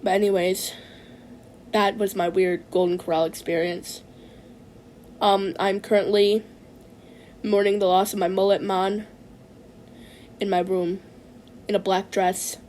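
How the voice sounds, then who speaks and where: A woman telling a comic story in character, rambling with halting restarts and tacking "man" onto nearly every phrase in a mock-serious, droning delivery. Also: mid-range voice, little pitch movement, darkish tone, slight background noise. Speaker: comedic vlogger telling a story.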